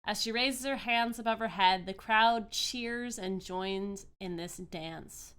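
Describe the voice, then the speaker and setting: A woman's voice: mid-range voice, slow pace, fairly bright tone, clear, resonant tone. A woman narrating a tabletop fantasy game as game master, describing scenes with frequent fillers.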